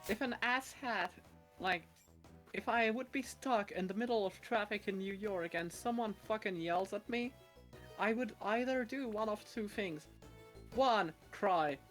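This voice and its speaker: A woman's voice: mid-range voice, a little slow, faint music behind. A woman chatting casually on a stream, playful and teasing, with some swearing. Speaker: co-streamer guest. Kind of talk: casual chat.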